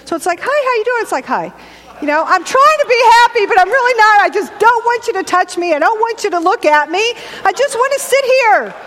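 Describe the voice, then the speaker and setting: High-voiced, animated woman preaching. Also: a little fast, few pauses. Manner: animated, conversational and joking. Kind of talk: sermon. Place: church sanctuary. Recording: echoey church hall.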